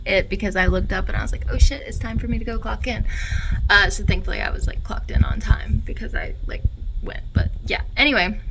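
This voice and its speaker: A young woman chatting casually in a book vlog, animated and quick to swear, filmed on a phone. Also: medium pitch, background noise. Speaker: book vlogger. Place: at her workplace before clocking in.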